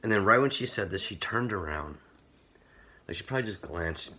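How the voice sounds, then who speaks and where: A man's voice: deep voice, animated, normal speed, bright, forceful tone, slight background noise. A man giving a casual, earnest youth sermon, talking conversationally with many "like" fillers. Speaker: camp speaker.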